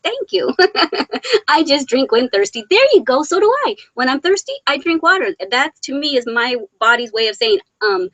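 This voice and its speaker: A woman's voice: high-pitched, lively intonation, moderate pace, pushed and bright, dry recording, rough recording. A woman hosting a casual live Q&A stream. She reads viewer comments aloud, laughs often and talks with affection, though she is worn down emotionally. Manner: affectionate and chatty. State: emotionally worn after a hard weekend.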